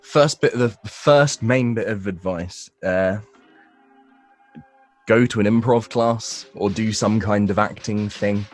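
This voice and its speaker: A man's voice: lowish voice, slow pace, soft background music. A young man, a voice actor, answering interview questions casually, rambling with fillers and restarts. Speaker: voice actor guest.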